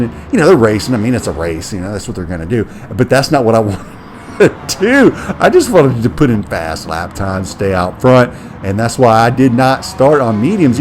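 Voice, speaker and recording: A man's voice: medium pitch, darkish tone. A man giving casual, chatty commentary over a replay of his own sim race, talking through each decision in a self-deprecating way.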